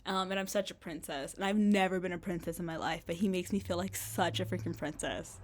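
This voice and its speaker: A young woman vlogging casually from a bedroom, chatty and rambling, full of "like" fillers and quick laughs. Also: lowish voice, steady tone. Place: bedroom in an apartment.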